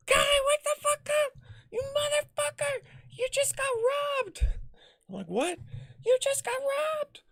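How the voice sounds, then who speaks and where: A man's voice: mid-range voice, darkish tone, no room sound, studio quality. A man vlogging personal stories in a casual, rambling way, full of fillers, restarts and blunt swearing. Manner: rambling, filler-heavy, loses his thread.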